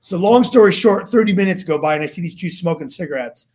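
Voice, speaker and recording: A man's voice: high-pitched, lively intonation, fast talker, darkish tone, husky. A man, a guest on an interview show, telling a story in a casual, slangy way and acting out what people said. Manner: casual slangy, acts out quotes. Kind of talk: animated storytelling testimony.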